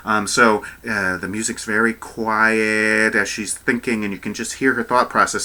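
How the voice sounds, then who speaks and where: A man rambling chattily about an opera recording, often correcting himself and getting animated. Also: on the low side, moderate pace, hardly any pauses. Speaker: opera commentator. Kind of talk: casual spoken commentary on a recording.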